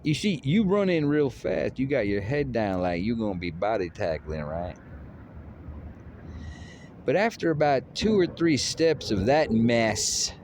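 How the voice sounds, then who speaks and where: A man's voice: medium pitch, lively intonation, measured pace, a little mellow. Guy on his phone trash talking a fight, cocky and teasing, voice all over the place, a bit of car hum behind. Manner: boastful, swaggering, playfully taunting. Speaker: vlogger. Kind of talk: rambling fight trash talk.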